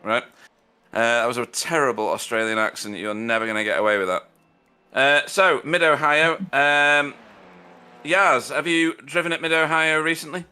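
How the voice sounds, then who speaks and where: A man's voice: on the high side, normal speed, bright, forceful tone, clear, resonant tone. A man doing live sim racing commentary, chatty, with dry self-deprecating humor.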